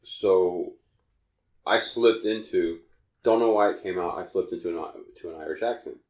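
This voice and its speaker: A man's voice: sits low, moderate pace, a little mellow, reverberant. A man co-hosting a podcast, telling a long personal story in a rambling way and often restarting his sentences. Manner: rambling, self-correcting storyteller. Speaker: podcast co-host. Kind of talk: casual podcast chat.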